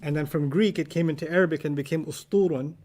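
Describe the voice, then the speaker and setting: A man's voice: a little high, steady tone, fast, a little mellow. A man teaching Arabic vocabulary in a casual class, quizzing students and telling humorous stories.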